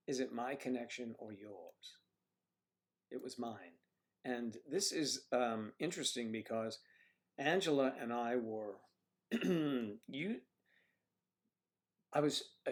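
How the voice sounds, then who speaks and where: Gravelly guy hosting a livestream, keeps clearing his throat, muttering at his computer mic. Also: medium pitch. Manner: frequent throat clearing, muttering to himself while checking settings. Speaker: livestream host. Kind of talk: casual livestream chat while fixing tech trouble. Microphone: computer microphone at a desk.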